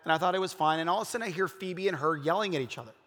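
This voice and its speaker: A man's voice: fairly high pitch, very fast, fairly bright tone. A man preaching a casual, conversational sermon, telling personal stories in an earnest way with many fillers and restarts. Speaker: pastor. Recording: long reverb of a large hall.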